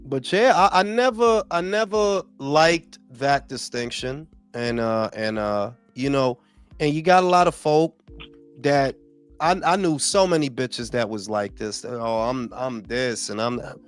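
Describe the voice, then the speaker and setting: A New man hosts a casual podcast, ranting in a profane, animated way. His voice sits high and swings widely in pitch. Faint music plays behind him. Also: measured pace, clear, resonant tone. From New York. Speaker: podcast host.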